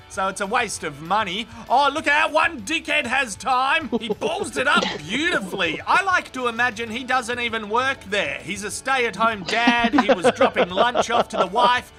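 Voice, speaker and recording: A man narrates a comedic clip video in a sardonic, crude voice-over. His voice sits very high and sounds piercingly bright. Faint music runs underneath.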